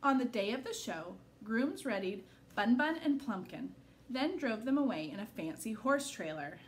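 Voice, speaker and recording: Reading a picture book to children, a female school employee uses a lively storytelling delivery. She speaks at a normal speed in a somewhat high voice, with faint background noise audible.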